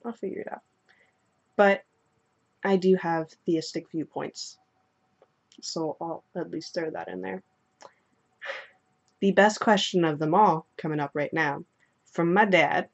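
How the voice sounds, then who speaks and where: In a dull, lo-fi recording, a young woman with a lowish voice, vocal fry and a slightly slow pace answers follower questions in casual chat. She's playful, swears freely and tells animated stories, leaving long pauses.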